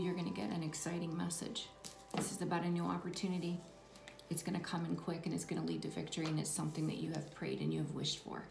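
A woman gives a spiritual tarot reading in a soft, reassuring voice that often sinks to a whisper. Her tone sits low and carries a gravelly fry. She sounds distant from the mic in an echoey room, with steady noise behind her. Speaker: tarot reader.

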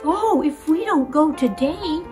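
An eager little girl who pleads and sulks, her voice high and breathless, as a woman reading a storybook puts her on. Guitar music plays clearly behind her. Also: normal speed.

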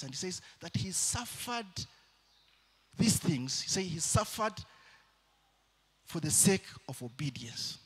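A man preaching a sermon in church, shifting between loud calls to the congregation and quieter storytelling. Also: high voice, sing-song, takes it slowly, long pauses, slightly rough.

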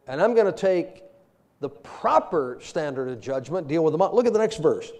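This preacher has a fairly high voice and a normal pace. Full of humor and frequent laughter, his sermon weaves in animated everyday anecdotes and old-fashioned scripture quotations.

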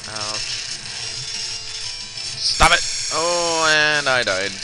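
A man's voice: medium pitch, lively intonation, moderate pace, pauses often. A young man giving casual, rambling commentary while playing a video game, swearing often as he loses, recorded on a boosted computer mic that crackles. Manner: rambling, profane, swears often when losing. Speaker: let's player. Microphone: boosted computer mic with crackling audio. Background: loud game music.

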